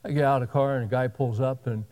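A man's voice: medium pitch, steady tone, darkish tone. A man preaching a sermon, telling a story in a conversational way and acting out the back-and-forth of what people said. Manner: conversational, retells dialogue in quick back-and-forth. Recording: long hall reverb.

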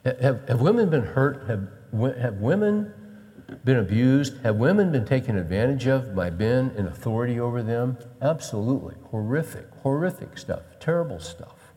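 Animated male preacher in a reverberant hall. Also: mid-range voice, normal speed. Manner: animated storyteller, swings between loud bursts and hushed emphasis. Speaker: pastor. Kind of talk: storytelling sermon. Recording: long reverb of a large hall.

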